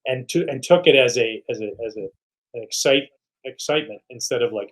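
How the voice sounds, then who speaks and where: Animated man telling a locker-room story. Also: mid-range voice, a little fast, low-quality recording. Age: middle-aged. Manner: animated, quotes teammates in voices. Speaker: guest, retired pitcher. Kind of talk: casual storytelling.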